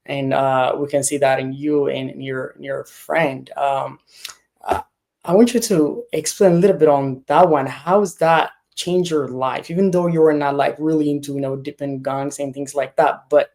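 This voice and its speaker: A man, a priest hosting an interview, asking long questions with many restarts and pauses. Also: mid-range voice, steady tone, gravelly, darkish tone. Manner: halting, many restarts and fillers while asking. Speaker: host, priest.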